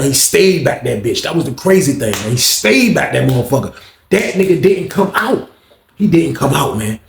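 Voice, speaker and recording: Animated slangy man in roomy echo. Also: mid-range voice, creaky, slight background noise. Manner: slangy and animated, acting out quoted dialogue. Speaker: storyteller. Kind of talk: casual storytime.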